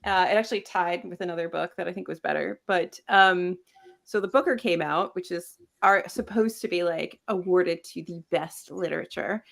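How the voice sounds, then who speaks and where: A woman's voice: on the low side, normal speed, gravelly. Blunt opinionated woman podcaster. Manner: blunt, opinionated, frequent "like" fillers and restarts. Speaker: podcast co-host. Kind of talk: casual book chat.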